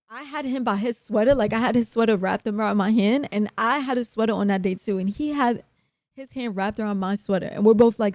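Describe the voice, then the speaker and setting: A young woman, telling a story on a live stream in a casual, animated, profane way and acting out other people's lines. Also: a little high, dry recording, studio quality.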